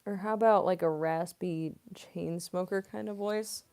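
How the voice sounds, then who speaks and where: Young woman streamer rambling through a chat q&a, kinda low voice, lots of "like". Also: fairly even intonation, unhurried, darkish tone. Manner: chatty, rambling, heavy use of "like" fillers. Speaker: voice actress and streamer. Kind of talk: casual livestream Q&A chat.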